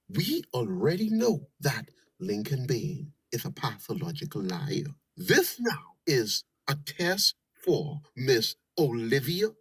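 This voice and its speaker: A woman's voice: a bass voice, breathy edge, no echo, poor audio. A Bahamian woman giving scornful, preachy commentary over video clips. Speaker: political commentator.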